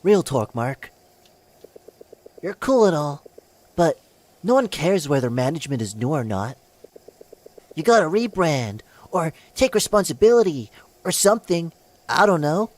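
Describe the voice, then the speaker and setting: A man's voice: a little high, very animated, a little slow, long pauses, darkish tone, voice pushed up. A man reading out a blunt, skeptical friend character from a game, teasing the hero. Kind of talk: reading game dialogue aloud.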